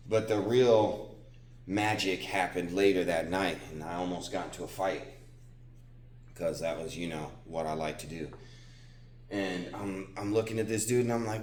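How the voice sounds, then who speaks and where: A man's voice: low voice, normal speed. A young man vlogging at the gym, telling a personal story in casual, profane, rambling speech and saying "dude" constantly. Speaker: fitness vlogger. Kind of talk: casual confessional talk. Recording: echoey gym room.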